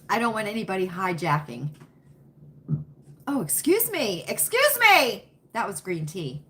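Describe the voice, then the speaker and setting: A woman's voice: mid-range voice, very animated, unhurried, pauses often, pushed and bright, a little hiss or hum. A woman hosting a live stream, chatting folksily with viewers and answering their comments by name. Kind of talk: casual chat with live viewers.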